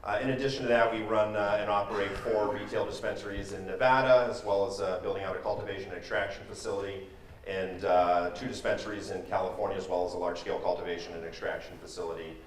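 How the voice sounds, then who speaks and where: A man, a company CEO on a panel, introducing his business quickly and with many fillers. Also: sits low, steady tone, echoey room, distant mic, slight background noise.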